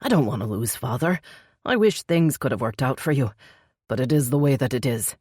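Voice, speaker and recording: A woman's voice: a bass voice, animated, fairly quick, a little mellow, no room sound, studio quality, full character voice. A woman voicing a brooding male elf crown prince who speaks curtly and growls. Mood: grieving. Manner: gruff, curt, growling.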